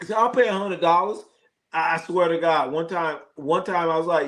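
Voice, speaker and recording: A man's voice: fairly high pitch, a little fast, a bit bright. A man hosting a live sports stream, chatting casually and telling profane stories, laughing often and acting out the voices of people he quotes. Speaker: live sports show host.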